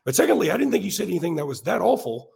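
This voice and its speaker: A man, his voice hoarse and gravelly from illness, talks sports on a podcast. He sits a little higher than most men. His delivery is animated and self-mocking. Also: rapid-fire. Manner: animated, laughs at himself. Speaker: podcast co-host. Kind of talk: casual sports talk.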